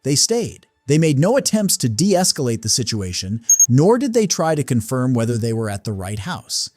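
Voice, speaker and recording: A man narrating a documentary about a police incident in a measured, serious tone. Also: medium pitch, big pitch swings, darkish tone, dry recording.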